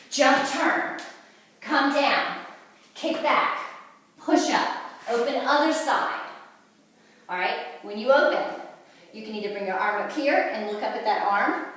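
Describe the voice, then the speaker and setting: A woman fitness instructor with a fairly high voice calls out moves as she does them, getting winded as she goes. She is recorded from across a large room, and the sound is very echoey and distant. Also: slow pace, pauses often, fairly bright tone, slight background noise. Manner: cueing moves while exercising. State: out of breath. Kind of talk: workout demonstration.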